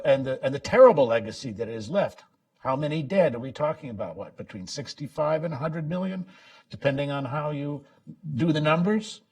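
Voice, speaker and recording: A man giving a public talk about his book, halting with many restarts and sudden bursts of emphasis. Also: a little high, a little mellow, recorded from a distance. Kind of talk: public lecture. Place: lecture event.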